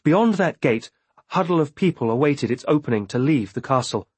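A man reading a novel aloud in first person with measured, steady storytelling. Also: medium pitch, husky, no room sound. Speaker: audiobook narrator. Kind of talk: scripted first-person narration.

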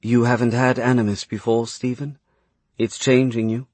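A man voicing a calm, mysterious young woman who speaks softly and quietly. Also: mid-range voice, no room sound, natural voice. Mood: soft warning. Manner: soft, quiet, measured.

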